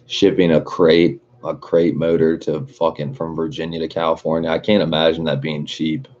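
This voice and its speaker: A man's voice: extremely low pitch, level tone, normal speed, a little mellow. A young man hosting a livestream, rambling and swearing in casual chat, laughing often. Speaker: livestream host. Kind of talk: casual chat with live chat readers. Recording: dull lo-fi stream audio.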